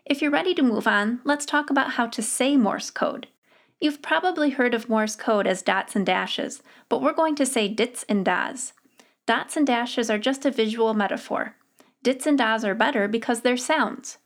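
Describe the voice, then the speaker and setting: A woman teaching Morse code in a slow, clear, patient scripted narration. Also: fairly high pitch.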